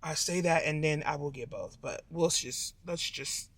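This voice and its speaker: A woman with a low-pitched voice vlogs at a moderate pace, chatting casually with her viewers. She rambles and repeats herself as she talks.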